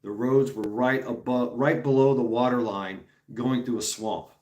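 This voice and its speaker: A man's voice: medium pitch, fairly even intonation, moderate pace, a little mellow, reverberant. A man hosting a stream, talking casually with viewers in a rambling, profane way and laughing often. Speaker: streamer host.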